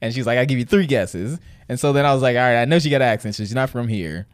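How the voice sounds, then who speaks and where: A man with a smooth, resonant voice tells a rambling story on a podcast. He is full of fillers and chuckles. The recording is close and dry, with no room sound. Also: mid-range voice, racing, dry recording. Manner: laughing storyteller, many fillers. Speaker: podcast co-host. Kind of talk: casual chat.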